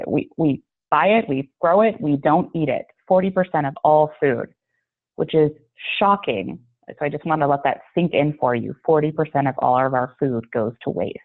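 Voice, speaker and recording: A woman giving a friendly, chatty online training talk over a video call, with many fillers. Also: sits low. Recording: tinny phone-like call audio.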